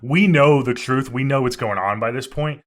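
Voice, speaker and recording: A man's voice: mid-range voice, normal speed. A man co-hosting a podcast, talking through a horror film in a laid-back way with casual swearing. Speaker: podcast co-host. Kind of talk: casual movie review chat.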